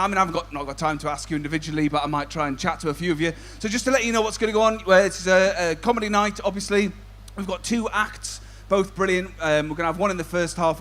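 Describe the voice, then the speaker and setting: A man's voice: sits high, a bit bright. A young man working as a comedy compere, doing crowd work at a live gig in a tent, chatty and self-mocking.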